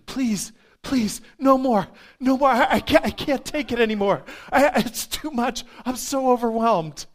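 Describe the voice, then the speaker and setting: A man's voice: extremely high pitch, measured pace, voice pushed up. A man voicing an old, hard-of-hearing man who is overwhelmed and weeping, pleading and stammering.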